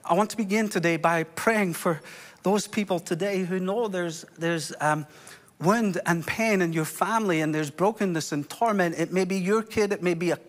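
A Scottish man preaching a sermon as pastor, impassioned, with sudden drops to a hush. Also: sits high, moderate pace. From Scotland.

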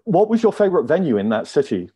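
A man's voice: a little high, big pitch swings, quick pace, dark tone, husky. A man hosting a Q&A, reading out audience questions politely with a dry joke now and then. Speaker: Q&A host.

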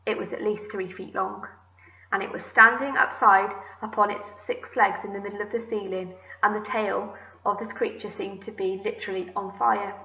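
A woman teacher reading a children's book aloud to her class, gentle and expressive. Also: medium pitch, moderate pace, roomy sound, muffled recording. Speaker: primary school teacher.

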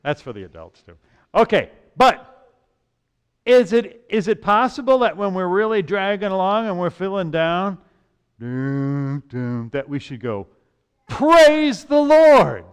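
A man leads the children's message in a church, singing with the kids and acting out happy and gloomy moods. His voice sits a little high and sounds smooth and clear. He keeps an easy, slow pace. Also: animated. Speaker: pastor leading a children's message. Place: church sanctuary.

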